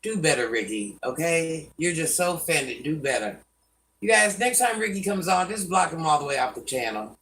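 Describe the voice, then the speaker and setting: A woman's voice: deep voice, lively intonation, moderate pace, a bit bright, distant mic, a little hiss or hum, poor audio. An older woman hosting a live stream, scolding commenters by name and chatting with viewers. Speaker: livestream host.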